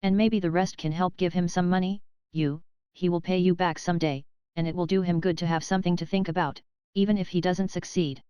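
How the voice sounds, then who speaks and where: A woman voicing a poor, kindly old woman who urges gently. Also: on the low side, fairly even intonation, a little fast, clean tone, no room sound, lo-fi sound, close to an everyday voice. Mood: urging.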